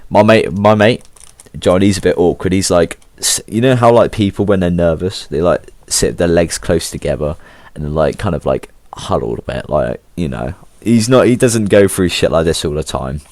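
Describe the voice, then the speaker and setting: A teenage lad with an English accent tells a school story in a loose, slang-heavy ramble, swearing freely. His voice sits low. The recording is very dry, with no room sound. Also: animated, moderate pace, a little mellow, dry recording. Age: teens. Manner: slangy, swears a lot, laid-back. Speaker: vlogger. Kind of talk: casual storytelling.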